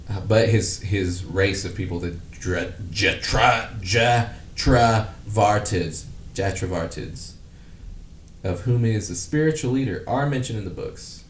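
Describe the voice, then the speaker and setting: A man's voice: steady tone, moderate pace, a little mellow. A man co-hosting a podcast in casual chat, rambling, swearing freely and laughing at himself. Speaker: podcast co-host. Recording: roomy, distant mic with faint rumble.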